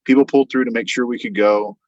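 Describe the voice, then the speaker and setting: Brief: male podcast guest, mid-pitched, rambling and animated storyteller, dull dry sound. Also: fast, no echo. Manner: rambling, animated retelling with quoted voices and frequent fillers. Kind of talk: casual anecdotal storytelling.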